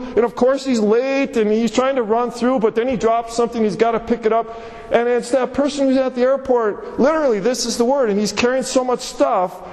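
A man preaches a sermon from the pulpit, his voice sitting notably high for a man. He leans into lively storytelling and repeats phrases for emphasis. The sound carries a long reverb from a church sanctuary. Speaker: pastor.

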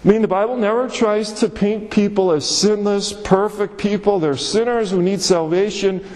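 Male pastor, high voice, animated expository preaching in a church, long hall reverb. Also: normal speed. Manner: expository preaching, animated storytelling with repeated phrases. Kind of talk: sermon. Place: church sanctuary.

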